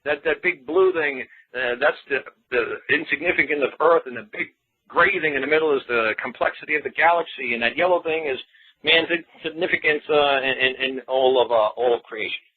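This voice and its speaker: A man doing a higher-pitched old painter over a tinny line. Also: a little fast, husky, natural voice. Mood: explaining. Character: old male painter fussily explaining his painting. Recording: tinny phone-line sound.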